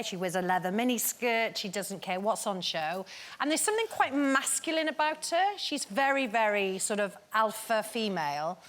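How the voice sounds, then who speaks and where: A woman guest on a chat show telling lively stories and laughing often. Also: mid-range voice. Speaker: actor and guest. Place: TV studio with an audience.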